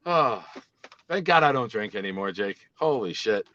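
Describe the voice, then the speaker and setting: Guy calling in, really animated, pitch jumps all over, kinda muffled lo-fi line. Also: moderate pace. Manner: animated, excitable storyteller. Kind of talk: casual call-in chat.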